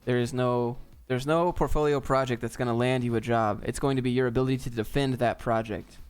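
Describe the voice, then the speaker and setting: Male streamer, mid pitch, smooth voice, casual and wisecracking. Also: steady tone, fairly quick, faint music behind. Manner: laid-back, joking, off-the-cuff. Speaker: streamer answering viewer chat. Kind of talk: casual live chat Q&A.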